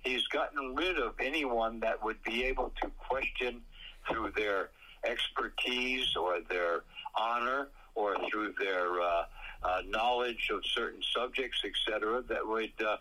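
Husky low man on radio talk. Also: bright, forceful tone, rough recording. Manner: halting, many uhs, blunt opinions. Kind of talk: casual political talk.

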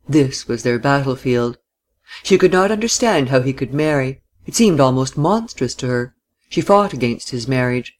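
A narrator reading a novel aloud in a measured, even way. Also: medium pitch.

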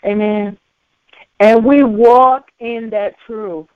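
A woman preaches at an unhurried, deliberate pace, circling back over the same phrases and punctuating them with amens. Her voice comes through narrow and tinny, like a phone line, with a dry sound and no room around it. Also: a little high, fairly even intonation, dry recording. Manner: slow, repetitive preaching punctuated by frequent amens. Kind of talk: sermon.

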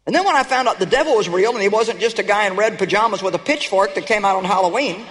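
An older woman delivers an emphatic, animated sermon to a congregation, urging her listeners on. Her voice rings out with a long reverberant tail from a large hall. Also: medium pitch, fast, a little hiss or hum. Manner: emphatic, animated, rallying the audience. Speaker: TV preacher.

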